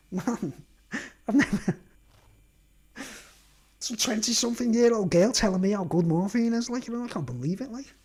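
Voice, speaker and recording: Man, video rant, rambling, laughs and swears a lot, slightly raised pitch. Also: expressive, normal speed, pauses often, a little mellow, slightly rough. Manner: rambling, swears and laughs often, repeats "right?" and "mate". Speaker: video blogger. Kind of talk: casual ranting monologue.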